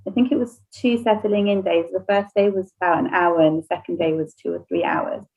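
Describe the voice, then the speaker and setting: A woman's voice: lowish voice, lively intonation, a little fast, muffled recording. A woman, a nursery owner whose first language is Spanish, casually telling an emotional personal story on a podcast and laughing often.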